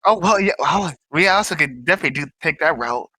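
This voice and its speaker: A woman's voice: deep voice, lively intonation, quick pace, sharp tone, breathy edge, no room sound. A woman playing in a tabletop game, chatting casually with stumbling restarts. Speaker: player. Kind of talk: tabletop role-play chat.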